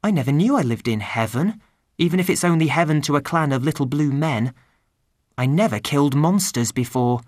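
A woman's voice: deep voice, expressive, a little fast, a little mellow, no room sound, studio quality. A woman voicing a brave, curious young girl who questions everything, in a storybook reading. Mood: earnest. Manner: earnest, questioning.

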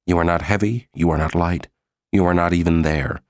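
A man voicing a weary, despairing woman in an audiobook, speaking in a quiet, heavy, brooding way. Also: low-pitched, normal speed, no echo, clean studio sound, lightly acted.

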